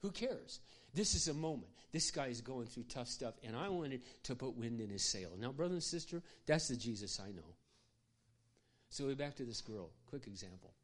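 A man's voice: mid-range voice, animated, normal speed. An older man who is a pastor, preaching a sermon through personal stories. He speaks passionately and conversationally, with asides to his audience. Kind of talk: sermon storytelling.

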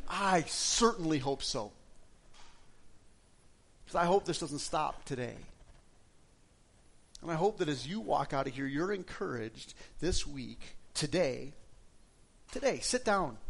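A middle-aged man preaches a sermon like he is chatting, telling his own story with frequent restarts. His voice sits a little higher than most men's. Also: a bit bright. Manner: conversational, personal storytelling with repeated restarts. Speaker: pastor.

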